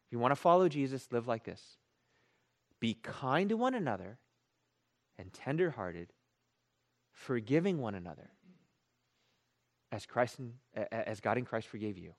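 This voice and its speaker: A man's voice: medium pitch, sing-song, normal speed, long pauses. A man preaching a sermon in a conversational, jokey way, repeating key phrases for emphasis and joking with the congregation. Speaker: pastor.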